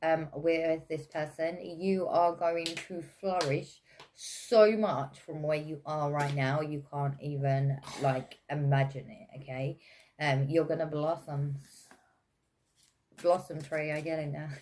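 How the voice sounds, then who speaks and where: A woman's voice: low voice, steady tone, slow, a little mellow, a little hiss or hum. A woman with an English accent giving a casual, chatty tarot reading, with many fillers and frequent laughs. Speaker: tarot reader.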